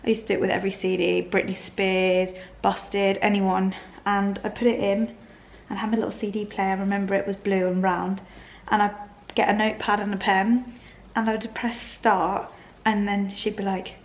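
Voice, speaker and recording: A young woman in her twenties vlogging from her bedroom. Her voice sits at an everyday middle pitch, and she talks in a loose, rambling way, breaking into soft little laughs. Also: level tone, normal speed. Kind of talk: casual chat to camera. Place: bedroom of a small flat.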